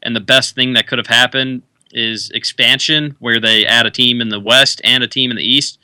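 A man's voice: medium pitch, steady tone, normal speed, pushed and bright, smooth, no room sound. A young man hosting a sports radio show, chatting casually with fillers and restarts. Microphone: studio mic.

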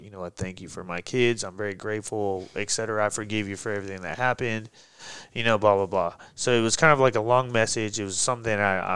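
A man telling a personal story on a podcast, casual and profane, getting heated and animated as he recounts it. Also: lowish voice, clean tone, dry recording. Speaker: guest, pro MMA fighter.

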